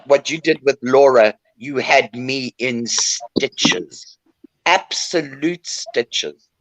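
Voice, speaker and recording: A woman's voice: extremely low pitch, very slow, no room sound. An older woman talking bluntly and emotionally in a casual chat, calling in to a show. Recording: dull lo-fi line.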